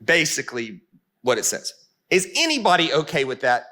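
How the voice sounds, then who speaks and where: A male pastor telling a Bible story in a lively, comic sermon before an audience. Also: a little high, normal speed. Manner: animated, comic, punchy. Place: meeting room before an audience.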